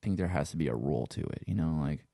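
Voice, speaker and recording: Speaking quickly with lively intonation, a Louisianan with a Cajun accent, working as a sound engineer and musician, chats casually as a guest. His very deep voice is gravelly and mellow, peppered with swearing and "you know," in a clean studio recording with no room sound.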